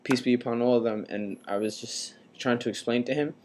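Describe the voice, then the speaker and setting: A young man in his twenties from the United States, casually telling a personal story to his vlog audience in a relaxed, rambling way, with many fillers. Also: mid-range voice, a little fast. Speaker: vlogger.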